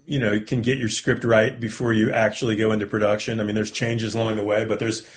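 A man's voice: on the low side, level tone, fairly quick. Hesitant man, director guest on the phone. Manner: hesitant, full of "you know". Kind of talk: phone interview.

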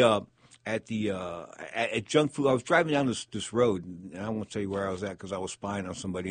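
Rambling boxing talk host, husky. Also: male voice, mid-range voice, a bit bright, no room sound. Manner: rambling, conversational, emphatic. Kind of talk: live talk show monologue.

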